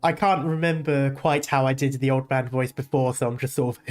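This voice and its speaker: A man's voice: mid-range voice, level tone, normal speed, soft background music. A man hosting a gaming playthrough, talking casually in chuckling asides while shivering from the cold. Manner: chuckling asides between reading. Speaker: gaming channel host. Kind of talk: casual gameplay commentary.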